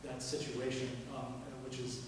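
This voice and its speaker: A man speaking at a live event about a community program, halting and full of fillers. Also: mid-range voice, monotone. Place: performance venue. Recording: echoey hall from far off with noise.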